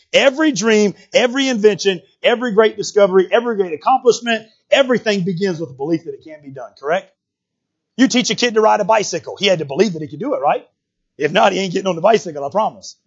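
A man's voice: high-pitched, slightly rough, lo-fi sound. A man preaching a sermon in a conversational way, full of rhetorical questions and repeated words.

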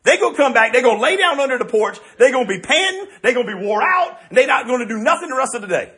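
A preacher doing a folksy old granddad. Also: male voice, very high voice, sing-song, fast talker, sharp tone, voice pushed up, heavily acted. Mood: emphatic.

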